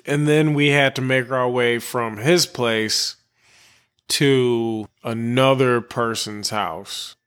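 A man from Chicago co-hosting a podcast, telling a long story in a rambling, profane way and clearing his throat often. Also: medium pitch, expressive, drawn-out words, fairly bright tone. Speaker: podcast co-host. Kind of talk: casual storytelling chat.

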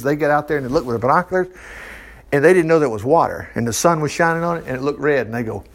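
A man preacher reading a Bible passage aloud in a folksy way, breaking in often with his own asides. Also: on the high side. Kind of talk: Bible reading with running commentary.

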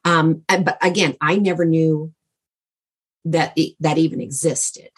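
A woman's voice: low-pitched, fairly even intonation, measured pace, breathy edge. A middle-aged woman as an interview guest, telling a personal story in a heartfelt, rambling way with many fillers and restarts.

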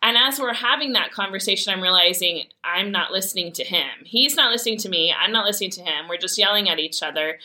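Bright-voiced mother telling candid stories. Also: fairly low pitch, fast, few pauses. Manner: candid storytelling with laughs and acted quotes. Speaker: mother speaking on parenting. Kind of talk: casual faith-based talk.

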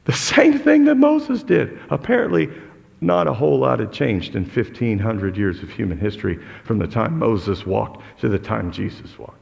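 A man preaching a sermon with passion, moving between loud outbursts and low, intense tones. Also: big pitch swings, normal speed, vocal fry, big-room sound, dull audio. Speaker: pastor.

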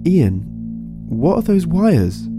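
A man voicing a shocked middle-aged mother who presses her husband with high, indignant questions, over soft guitar music. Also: very animated, slow. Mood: alarmed.

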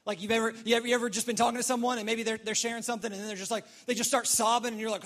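A young man delivers a sermon in a fairly high voice. He tells the story in an animated way and acts out how each person reacts as he goes. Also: fast talker. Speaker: pastor.

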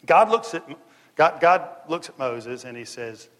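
A man's voice: a little high, expressive, unhurried, a bit bright. A man preaching a sermon, telling the story in casual slang and acting out the dialogue. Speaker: pastor. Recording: long hall reverb.

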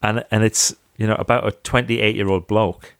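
Lively man, dry close sound. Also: fairly low pitch, moderate pace, gravelly, clean tone, no room sound. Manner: lively, self-mocking storyteller. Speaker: podcast guest, author. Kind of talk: casual chat over video call. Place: home office library. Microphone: video call.

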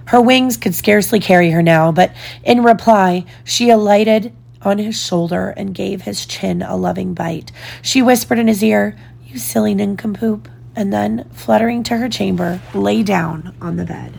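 A woman reading a children's storybook aloud in a slow, deliberate storytelling manner. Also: mid-range voice, creaky, a little mellow, breathy edge. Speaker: storybook reader.

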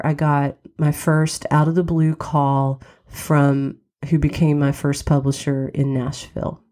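Low, mellow-voiced woman with a cold. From West Virginia. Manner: candid, reflective, wry laughs. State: has a cold, occasional cough. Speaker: podcast host. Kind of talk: personal storytelling monologue.

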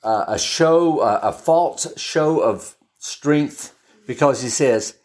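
A man's voice: medium pitch, animated, slow pace, a little mellow. Chatty male preacher teaching scripture. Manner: chatty and storytelling, with frequent restarts and asides. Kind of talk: conversational Bible teaching.

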